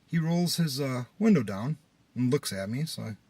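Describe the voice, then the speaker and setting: A man who runs a small business, telling a personal story in a casual vlog, exasperated and animated. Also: mid-range voice, normal speed, husky, dry recording. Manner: animated, exasperated retelling with rising outbursts.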